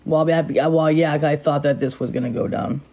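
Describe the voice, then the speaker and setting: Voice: medium pitch, steady tone, moderate pace, dark tone, highs cut off. A streamer in an unscripted live stream on a phone, tense and angry but holding it in, talking in repetitive pleading phrases and often asking "okay?".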